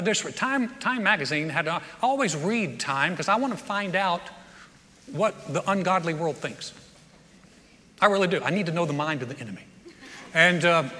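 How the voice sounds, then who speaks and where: A man preaching a sermon, telling stories with humor and starting sentences over in energetic bursts. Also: sits high. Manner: energetic, stumbling restarts, humorous. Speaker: pastor. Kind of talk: sermon with storytelling. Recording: reverberant hall.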